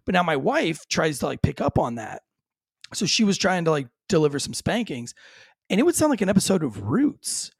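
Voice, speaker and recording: A man hosting a podcast, a former police officer telling animated stories in casual chat. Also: on the high side, moderate pace, vocal fry, husky, dry recording, studio quality. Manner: animated storyteller.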